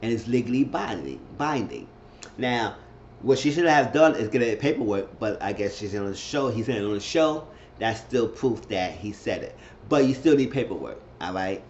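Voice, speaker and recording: A man's voice: on the low side, big pitch swings, normal speed, highs cut off, slight background noise. A man casually recapping a reality show episode, repeating himself and acting out what the cast said. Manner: chatty, repeats himself, acts out quotes in shifting voices.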